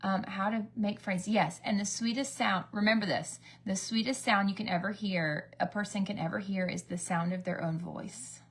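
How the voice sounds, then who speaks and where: A woman's voice: medium pitch, steady tone, moderate pace, hardly any pauses, husky. A woman in her thirties from the United States, doing a rambling, gossipy get-ready-with-me chat as a beauty vlogger, acting out the voices in her stories. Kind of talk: chatty get-ready-with-me storytelling.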